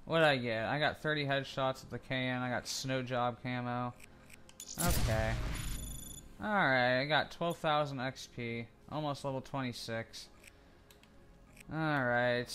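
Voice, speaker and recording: A young man commentating his own shooter gameplay, excitable and swearing a lot, yelling when he wins. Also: medium pitch, a little slow, a little hiss or hum. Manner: excitable, swears constantly, yells when winning. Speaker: gaming video creator. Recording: loud game gunfire behind voice. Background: shooter game gunfire and effects.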